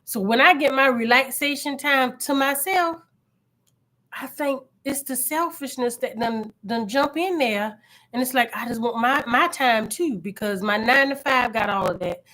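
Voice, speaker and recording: A middle-aged woman, hosting a casual live-stream chat with her viewers in a loud, animated, chatty way. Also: fairly high pitch, a little slow. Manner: chatty, loud and animated, with frequent laughs and repeated phrases. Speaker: channel host.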